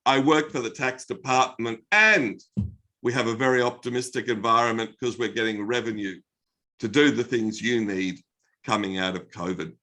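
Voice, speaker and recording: Bright-voiced Australian man giving a motivational talk. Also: mid-range voice. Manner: energetic anecdotal storytelling. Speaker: keynote speaker.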